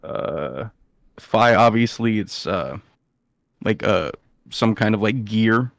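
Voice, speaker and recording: Low-voiced man running a tabletop game. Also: lively intonation, takes it slowly, gravelly, a bit bright, no echo, studio quality. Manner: hesitant, lots of fillers. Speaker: game master.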